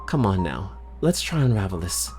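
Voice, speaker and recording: A man's voice: low-pitched, sing-song, a little fast, a little mellow, soft background music, pitched below the performer's own voice. A man voicing Alice, a young woman, with a put-on British accent, talking to herself as he reads game text in character. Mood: puzzled. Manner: mock-British, talks to herself.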